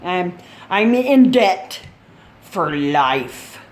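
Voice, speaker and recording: A woman's voice: lowish voice, sing-song, very slow. An older woman chatting casually in a video update, rambling and blunt and laughing at her own stories. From Chicago. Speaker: gaming channel host.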